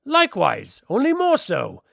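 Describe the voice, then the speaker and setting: A man's voice: sits high, huge pitch swings, unhurried, creaky, fairly bright tone, dry recording, studio quality, voice pushed up, heavily acted. A man playing a suave, teasing castle commander. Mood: smooth. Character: charming, smooth-talking male castle commander.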